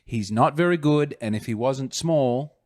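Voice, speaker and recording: A man with a mid-pitched voice gives wry, opinionated takes on a casual comedy podcast. He tells stories in a dry, joking way. The recording is close and has no room echo. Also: measured pace, a little mellow. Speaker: podcast co-host.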